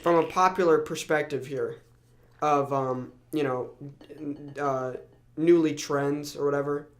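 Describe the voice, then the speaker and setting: A man's voice: fairly high pitch, fairly even intonation, measured pace. A young man co-hosting a podcast in casual chat, rambling and stumbling over his words. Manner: rambling, full of ums and restarts. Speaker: podcast co-host.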